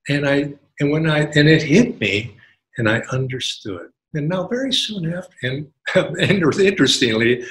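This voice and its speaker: A man giving a devotional talk as a spiritual teacher, telling a personal story in an animated way. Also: mid-range voice, slight background noise, low-quality recording. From United States. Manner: animated storyteller, acts out quotes in a raised voice.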